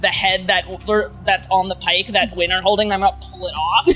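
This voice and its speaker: An excitable player in a casual tabletop game, talking fast with swearing and restarts. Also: medium pitch, muffled recording, faint music behind.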